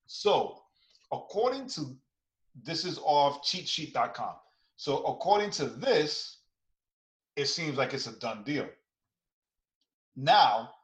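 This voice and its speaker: Man, podcast co-host, casual chat, very expressive pitch, joking, echoey room. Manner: animated, laughs often, jokes around. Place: podcast studio in Atlanta.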